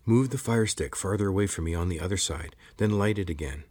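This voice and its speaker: A man's voice: low voice, fairly quick, darkish tone. A man voicing a trapped young man who gives urgent, short orders in a storybook reading.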